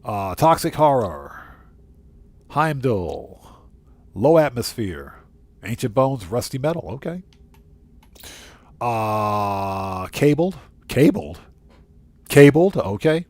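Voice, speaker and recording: Hoarse man streaming a game. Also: on the low side, big pitch swings, slow pace, pauses often. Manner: reads viewer chat aloud and thanks viewers often. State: losing his voice. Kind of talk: casual live gameplay chat.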